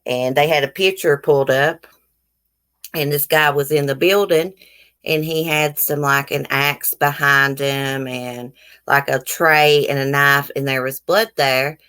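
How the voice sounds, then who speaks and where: Unhurried and steady, a woman with an extremely low, fairly bright voice and a Southern accent hosts a casual YouTube live stream. She's from the American South and goes through her viewers' comments, answering them in a frank, blunt way.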